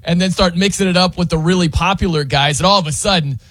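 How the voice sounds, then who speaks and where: A man hosting casual sports talk, animated and quick to laugh. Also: high-pitched. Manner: animated, laughs often, slips into mock announcer voices.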